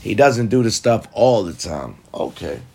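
A man's voice: lowish voice, lively intonation, a little slow, gravelly, darkish tone. A man talking to viewers in a blunt, profane, casual monologue, giving relationship advice. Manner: blunt, profane and talkative, addressing viewers directly.

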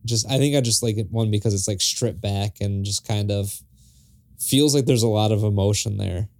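A man's voice: lowish voice, no room sound. A man co-hosting a podcast, talking loosely and laughing easily about songs. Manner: relaxed, quick to laugh, loose phrasing. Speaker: podcast co-host. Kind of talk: casual music review chat.

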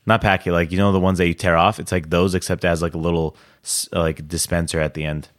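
Very low-voiced rambling young man. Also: level tone, fast. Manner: rambling, lots of fillers and restarts, enthusiastic. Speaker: podcast co-host. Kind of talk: casual chat.

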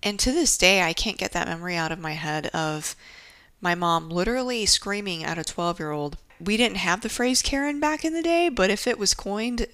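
A young adult woman hosting a podcast, telling a personal story in a candid, wry, lively way with asides. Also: lowish voice, dry recording. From Japan. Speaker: podcast host. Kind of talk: casual storytelling monologue.

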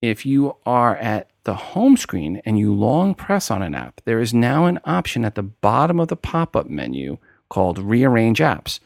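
A man's voice: mid-range voice, huge pitch swings, moderate pace, vocal fry, few pauses, no room sound, studio quality. A man hosting a tech podcast with a New York accent, talking casually and explaining steps one by one. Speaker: podcast host.

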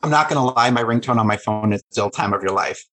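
A man hosting a casual podcast chat, animated and campy as he asks his guests questions. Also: mid-range voice, quick pace, rough recording. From United States.

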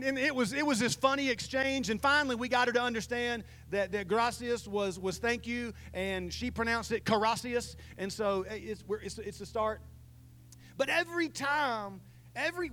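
A pastor in his thirties preaches a sermon and tells a family story, swinging lively between loud and hushed delivery. His pitch is extremely high, and the audio is poor.

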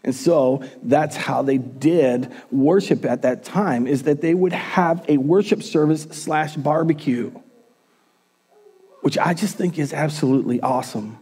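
A male pastor preaching a sermon in a church, telling the story in an animated, casual way. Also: a little high, a little slow, husky.

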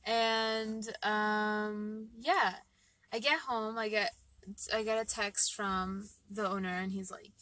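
A young woman in casual chat, telling a story with many fillers and animated retellings. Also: mid-range voice, slow.

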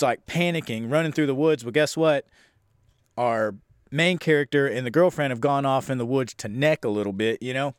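A young man casually reviewing an old horror film, rambling, sarcastic and profane, acting out scenes in quick voices. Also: medium pitch, no room sound, clean studio sound.

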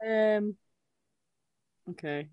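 A woman's voice: medium pitch, very slow, clear, resonant tone, dry recording, muffled recording. A woman from Wales co-hosting a podcast, chatting casually, gossiping, laughing and swearing now and then. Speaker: podcast co-host. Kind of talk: casual chat. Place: home, Dublin.

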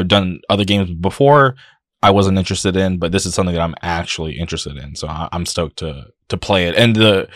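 Deep-voiced man interviewing, dry sound. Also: fairly bright tone, no echo. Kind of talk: casual interview chat.

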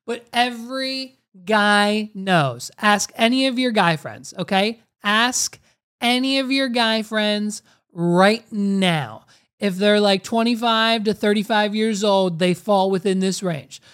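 A woman co-hosting a casual podcast at a middle pitch. She reacts to a clip with quick jokes and animated recaps. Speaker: podcast co-host.

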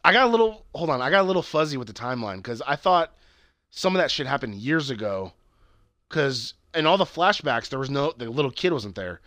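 A man's voice: mid-range voice, very animated, a little fast, a bit bright, no room sound. A man chatting casually as a podcast co-host, rambling with many fillers and restarts and swearing freely. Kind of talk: casual chat recapping a TV show.

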